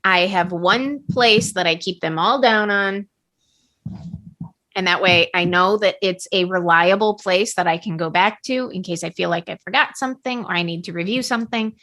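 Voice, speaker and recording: A woman's voice: medium pitch, moderate pace, sharp tone. A woman co-hosting a podcast, chatting casually and practically about everyday routines. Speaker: podcast co-host. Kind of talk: casual chat.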